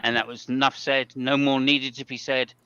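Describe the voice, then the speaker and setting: A man's voice: mid-range voice, flat delivery, normal speed, bright, forceful tone, clean tone, no room sound, highs cut off. A man hosting a casual motor-racing podcast chat, rambling along with plenty of fillers. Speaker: podcast host. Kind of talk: casual race commentary chat.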